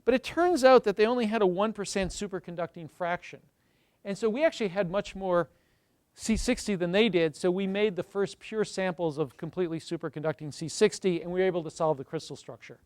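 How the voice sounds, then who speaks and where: A man's voice: high-pitched, fairly quick, darkish tone, no echo. A middle-aged man giving a university chemistry lecture, enthusiastic and storytelling, speaking directly to his audience in a lecture room. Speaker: chemistry professor giving a seminar.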